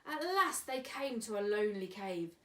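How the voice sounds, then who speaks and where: A woman's voice: medium pitch, very animated, normal speed, recorded from a distance. A woman volunteer reading a rhyming picture book to children in a sing-song storytime delivery. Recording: echoey room, away from mic.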